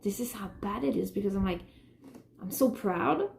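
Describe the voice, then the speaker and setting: A woman's voice: medium pitch, normal speed, vocal fry, echoey room, slight background noise. A woman giving an unscripted personal monologue about her artwork and her feelings, rambling and emotional, with many restarts. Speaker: artist talking about her work.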